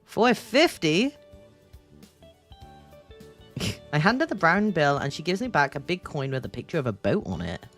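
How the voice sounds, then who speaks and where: A woman streamer reading a game aloud between teasing, giggly asides. Her voice sits low but bounces up and down a lot. Soft music plays underneath. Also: sing-song, a little fast. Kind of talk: casual commentary while reading a game aloud.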